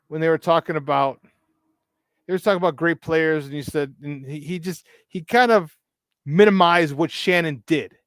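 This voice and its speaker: A man's voice: a little high, no room sound, studio quality. Emphatic male sports talk host. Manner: repetitive, emphatic, preachy asides. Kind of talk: casual sports talk monologue.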